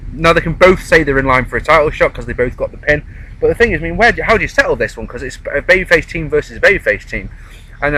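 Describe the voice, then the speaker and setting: A man's voice: fairly high pitch, sharp tone, breathy edge, poor audio. A man chatting casually outdoors in a park, rambling through a wrestling show review. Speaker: wrestling vlogger.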